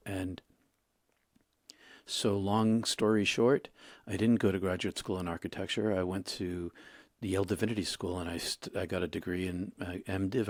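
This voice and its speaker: A man in his sixties, a guest in an interview, telling his story in a halting way with many restarts. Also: sits low, husky, no room sound, studio quality. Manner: halting, repeats and restarts, emotional retelling.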